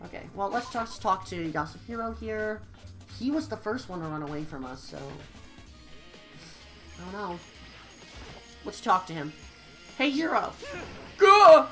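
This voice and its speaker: A woman's voice: mid-range voice, normal speed, pauses often, a bit bright, soft background music. A woman streamer giving casual let's-play commentary, chatty with self-amused asides. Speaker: gaming streamer.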